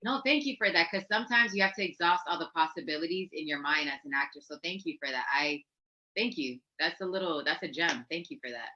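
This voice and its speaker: A woman's voice: sits low, expressive, quick pace, sharp tone, highs cut off. A woman, an actress and musician, chatting casually as an interview guest, acting out quotes and laughing often.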